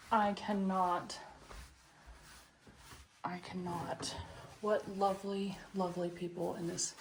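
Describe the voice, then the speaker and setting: A woman hiker chatting casually to her phone camera, gushing and often dropping into a hushed half-whisper. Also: medium pitch, level tone, takes it slowly, vocal fry, long pauses, background noise. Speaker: long-distance hiker vlogging. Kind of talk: casual vlog chat.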